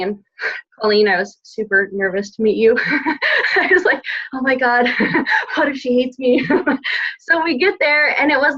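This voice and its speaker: A woman's voice: fairly high pitch, fairly bright tone. Gushing woman on a lo-fi call. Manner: gushing, heartfelt, lots of "like". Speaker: team coach on a group call. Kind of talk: emotional casual sharing. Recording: dull lo-fi call audio.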